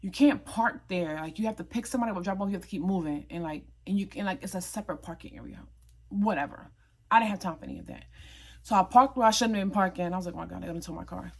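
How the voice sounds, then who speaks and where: A woman's voice: mid-range voice, fast talker. A young woman, retelling a personal story in a casual, emphatic vlog style. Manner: animated, emphatic retelling with quoted dialogue. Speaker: vlogger.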